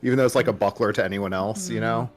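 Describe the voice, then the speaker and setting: A man playing a tabletop game, explaining his moves in a relaxed, matter-of-fact way. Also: fairly low pitch, fast. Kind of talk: casual game-table chat.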